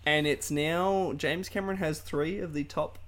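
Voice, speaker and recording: A man's voice: fairly high pitch, fairly even intonation, a bit bright. A man chatting casually on a podcast, gushing with enthusiasm. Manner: enthusiastic, gushing, quick to laugh.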